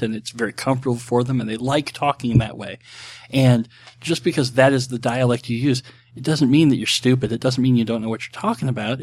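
Here a man from Texas chats alone into a desk microphone, working through listener questions for his podcast. The talk is loose and rambling, peppered with ums, tangents and quick self-mocking quips, delivered in an average male pitch.

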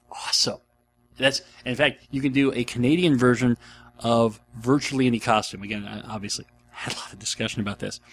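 Chatty middle-aged man hosting a podcast. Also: mid-range voice. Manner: rambling, jokey and animated. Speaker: podcast host. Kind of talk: casual chat answering listener questions.

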